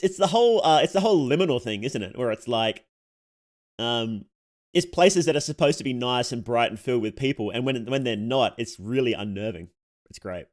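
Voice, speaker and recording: A young male VTuber chats casually with his viewers while playing a game. His pitch moves around a lot. He laughs often, reads messages aloud and trips over his sentences before restarting them. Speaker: VTuber streamer. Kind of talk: casual live-stream chat.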